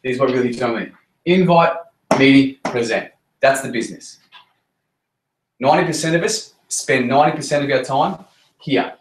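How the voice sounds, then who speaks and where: A man's voice: medium pitch, moderate pace, noisy background. A man giving a blunt, swearing motivational talk to his team in a meeting room, hammering points with repetition. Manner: blunt, repetitive, swears freely, punchy emphasis. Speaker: network marketing team leader. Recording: roomy echo.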